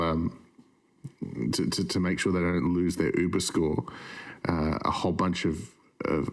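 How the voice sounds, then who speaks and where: A man co-hosting a podcast, telling dry, deadpan jokes in casual chat. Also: low voice. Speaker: podcast co-host.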